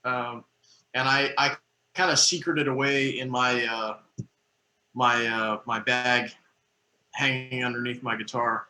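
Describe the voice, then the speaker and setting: A man speaking softly and haltingly as a player in a tabletop game. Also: medium pitch, little pitch movement, roomy sound, low-quality recording. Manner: soft-spoken, halting. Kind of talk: casual play talk.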